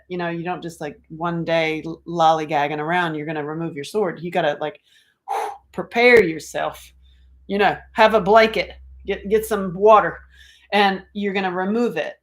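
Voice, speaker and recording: Middle-aged woman, lowish voice, casual livestream chat, animated, acts out quotes. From North Carolina. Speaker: author and speaker.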